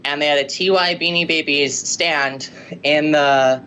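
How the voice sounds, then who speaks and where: A man from Canada, a podcast guest, telling a story excitedly on a video call, with many fillers and frequent laughter. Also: on the high side, unhurried, a little hiss or hum.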